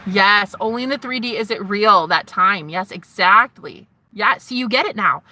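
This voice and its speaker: A woman hosting her own livestream, rambling dreamily and swinging from giggly to hushed. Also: mid-range voice, normal speed. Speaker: livestream host. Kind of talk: rambling live-stream chat.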